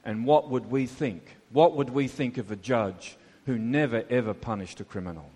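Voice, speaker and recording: A man's voice: mid-range voice, moderate pace, a little mellow. A man preaching a sermon, conversational, with many rhetorical questions to the congregation. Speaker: pastor. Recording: long hall reverb.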